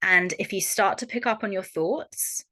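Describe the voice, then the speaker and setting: A young Australian woman coaching a workshop audience in a frank, animated way and swearing freely. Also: mid-range voice, moderate pace. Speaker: holistic coach. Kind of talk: online workshop talk.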